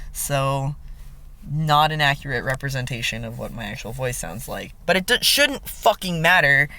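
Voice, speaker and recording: Blunt, bright-voiced young man venting. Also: medium pitch. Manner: blunt and heavily profane; frank, frustrated venting with filler ums. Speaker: vlogger. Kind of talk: candid personal vlog.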